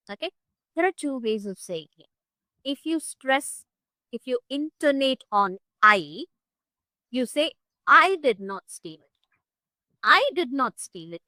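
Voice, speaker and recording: A woman teaches English one-on-one over a video call, her voice bright and forceful and pitched a little high. She speaks expressively, leaning hard on stressed words and holding deliberate pauses. The sound is dry and close, with no room around it. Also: no room sound, low-quality recording. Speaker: English tutor. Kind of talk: one-on-one online English lesson.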